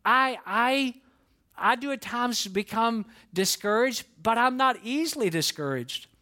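High-voiced animated male pastor. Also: a little slow. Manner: animated, acts out quoted voices, repeats words for emphasis. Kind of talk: sermon.

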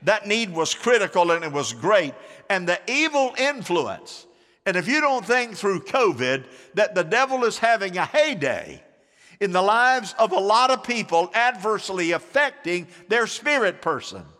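A man's voice: high-pitched, sing-song, normal speed, bright, forceful tone, in a large hall. A male pastor preaching a sermon, drawing the congregation into call-and-response with sweeping swings of voice. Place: church sanctuary.

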